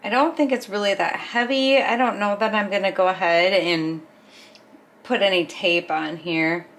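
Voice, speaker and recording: A woman's voice: mid-range voice, steady tone, normal speed, fairly bright tone. A woman hosting a casual craft video, narrating each step as she works, chatty with small laughs. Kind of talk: casual craft tutorial voice-over.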